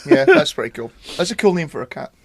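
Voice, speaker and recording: A man's voice: high voice, wildly swooping pitch, fast talker, gravelly, crowd noise. A man hosting a casual podcast chat, leading the talk and swearing freely.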